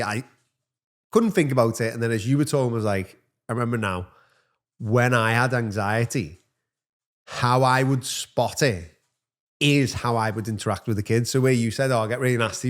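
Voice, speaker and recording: A man co-hosts a podcast in casual chat. His voice sits at a middle pitch. He reflects aloud in a rambling way, full of fillers. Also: a little fast. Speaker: podcast co-host.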